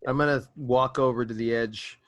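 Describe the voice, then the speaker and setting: A man's voice: mid-range voice, fairly even intonation, normal speed, a bit bright. A man playing a tabletop game, talking casually and playfully with fillers. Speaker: player.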